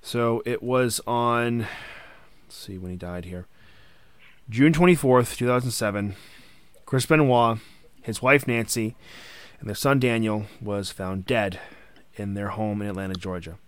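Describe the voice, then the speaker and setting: A man hosts a casual podcast, walking his guests through wrestling history and now and then checking his notes. His voice sits a little low. The sound is dry and close, with no room around it. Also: measured pace, pauses often, clear, resonant tone, dry recording. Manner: conversational, recounting wrestling history partly from notes. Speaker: podcast host.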